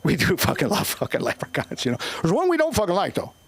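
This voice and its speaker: Older male comic, gravelly voice, swings his pitch wildly, rambling and profane. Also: wildly swooping pitch, fast, dry recording. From Northern Ireland. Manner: profane, rambling, shouting bursts. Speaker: stand-up comedian. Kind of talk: open mic stand-up.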